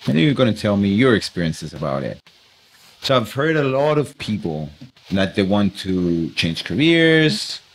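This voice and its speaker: A man's voice: fairly low pitch, sing-song, a little slow, a little hiss or hum, rough recording. A man hosting a podcast interview, asking questions while searching for words. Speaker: podcast host.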